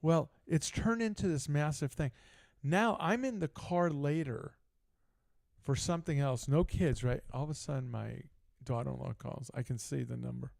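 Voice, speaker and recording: A man's voice: medium pitch, moderate pace, vocal fry, darkish tone, no room sound. A middle-aged man co-hosting a sports talk show, telling a long story in casual chat and acting out both sides of the conversations. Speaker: podcast co-host.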